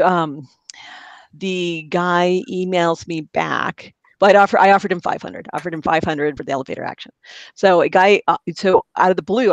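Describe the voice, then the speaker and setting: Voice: medium pitch, no room sound. Host type, chatty rambler who keeps laughing, dry close sound; good for loose storytelling. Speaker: podcast host. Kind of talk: casual group chat.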